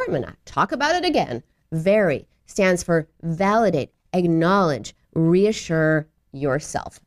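A middle-aged woman speaks from a studio in a chatty, advice-giving way. Her pitch swings widely as she slips into quick imitations of other people. She sounds easygoing and a little self-mocking. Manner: acts out little voices and quotes with lively pitch jumps. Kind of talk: advice talk on self-compassion.

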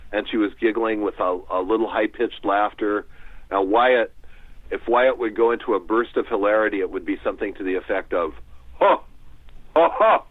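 A man calls in to a radio interview as an author and tells long stories, eager and digressive, often repeating words while he thinks. His voice is on the low side. It comes over a dry, tinny phone line. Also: dry recording. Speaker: author guest. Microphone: telephone.

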